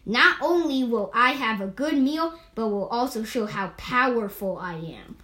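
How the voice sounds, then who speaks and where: A woman's voice: a little high, animated, unhurried, sharp tone, echoey room. A woman voicing a fierce, proud male tiger who rules the animals and talks in threats, in a storybook reading. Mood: threatening. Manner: demanding, threatening.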